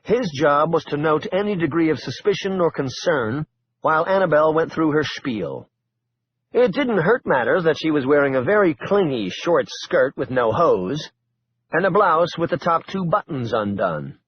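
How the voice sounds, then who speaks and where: A man narrating an audiobook in a steady, even storytelling voice, on a muffled lo-fi recording. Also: on the high side, moderate pace, slightly rough, no echo.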